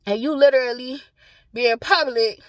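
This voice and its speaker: A woman's voice: high voice, normal speed, no echo. A woman venting bluntly and profanely to her phone camera from a parked car, laughing often between lines. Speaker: vlogger. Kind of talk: casual rant to camera.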